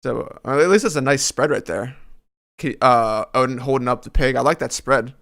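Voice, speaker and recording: A man's voice: medium pitch, moderate pace, vocal fry, a bit bright. A man streaming a live reaction to a comic chapter, reading lines aloud and making sarcastic, critical remarks.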